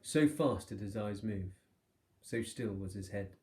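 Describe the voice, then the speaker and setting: A male teacher reading a children's novel aloud with steady, expressive storytelling. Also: on the low side, measured pace. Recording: echoey room.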